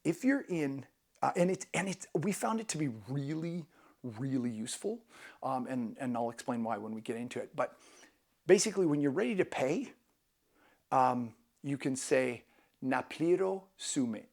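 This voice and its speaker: A man's voice: mid-range voice, moderate pace, darkish tone. A man hosting a travel vlog, giving casual travel tips in an enthusiastic, self-deprecating way.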